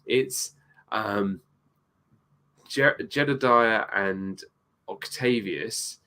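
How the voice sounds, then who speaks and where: Low-voiced man with halting, dry remarks. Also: pushed and bright. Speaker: movie review co-host. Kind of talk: casual live-stream chat.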